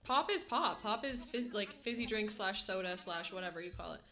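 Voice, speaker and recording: A woman's voice: mid-range voice, lively intonation, fairly quick, sharp tone, faint music behind. A Canadian woman streaming a game, chatting casually with her chat, giggly and full of "like" fillers. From western Canada. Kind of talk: casual live-stream chat while gaming.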